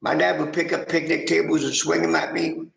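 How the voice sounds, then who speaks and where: A man's voice: fairly high pitch, little pitch movement, brisk, vocal fry, fairly bright tone, echoey room, a little hiss or hum, low-quality recording. A man telling rambling, profane stories in casual chat.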